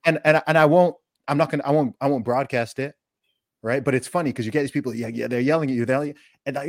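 A man hosting a podcast, talking in a casual, animated way and often repeating words as he starts a thought. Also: mid-range voice, fast talker, dry recording, studio quality. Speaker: podcast host. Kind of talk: casual conversational interview.

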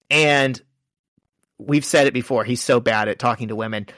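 Man, podcast co-host, casual story recap, quotes characters, mid pitch, dry close sound. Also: normal speed, no echo. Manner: lively storyteller, quoting characters. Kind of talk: casual chat, retelling a comic issue.

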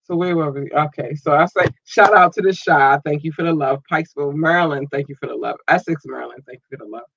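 A man hosting a podcast, playfully giving casual shout-outs to his listeners and jumping into high squeals. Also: fast, gravelly, no room sound, lo-fi sound. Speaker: podcast host.

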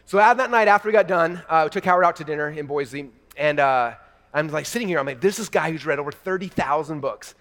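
A man in his thirties giving an energetic keynote to a large live audience, telling stories excitedly and talking to the crowd as "you guys". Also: on the high side, fast, in a large hall. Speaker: keynote speaker. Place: large event hall before a live audience.

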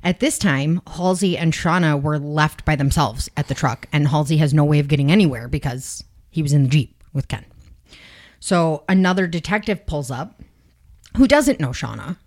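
A woman's voice: deep voice, moderate pace. A woman hosting a podcast, casually retelling a true crime story with lots of swearing and acted-out quotes. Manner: casual, animated, swears freely, acts out quotes. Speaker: podcast host.

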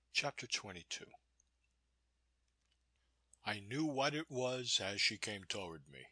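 A man reading a classic novel aloud as a volunteer audiobook narrator, in a measured, expressive manner. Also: mid-range voice, husky, dry recording. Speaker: audiobook reader.

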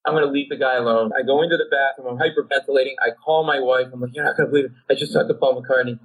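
A man, a comedian, telling a comic story on a podcast in an excitable way that keeps jumping into high, shouted asides. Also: very fast, narrow, tinny audio. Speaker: comedian guest.

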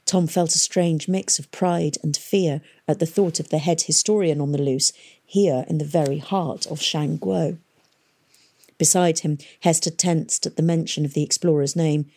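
Mellow-voiced woman narrating a novel. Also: low-pitched, steady tone, normal speed. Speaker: audiobook reader. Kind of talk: scripted narration.

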